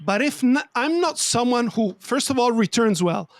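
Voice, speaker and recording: A man's voice: extremely high pitch, expressive, normal speed, no room sound, clean studio sound. A man hosting a podcast, a native Italian speaker talking in English, asking thoughtful questions while searching for his words. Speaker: podcast host. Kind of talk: casual interview chat.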